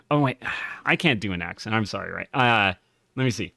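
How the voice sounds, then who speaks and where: Animated chatty man commentating a game. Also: lowish voice, a little fast, creaky, dry recording, clean studio sound. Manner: chatty, laughing, reads game text aloud. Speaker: game streamer. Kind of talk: casual gameplay commentary.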